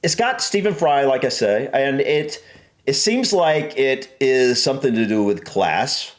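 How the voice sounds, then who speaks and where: A man's voice: mid-range voice, measured pace, reverberant. A man from the American South with a Southern accent, co-hosting a casual reaction video and chatting playfully. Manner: animated, playfully trying out put-on posh and Southern voices.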